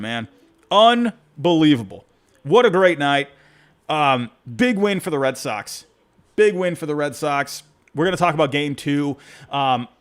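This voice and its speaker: A man hosting a postgame baseball reaction show, talking in an excitable, rambling way that keeps breaking off and restarting. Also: fairly high pitch. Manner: excitable, rambling, self-interrupting. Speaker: podcast host.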